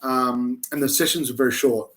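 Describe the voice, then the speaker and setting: Young male interviewee from South Australia, animated storyteller, mid-pitched everyday voice, casual chat. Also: normal speed. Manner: animated storyteller with many restarts. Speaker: interview guest, army reserve recruit.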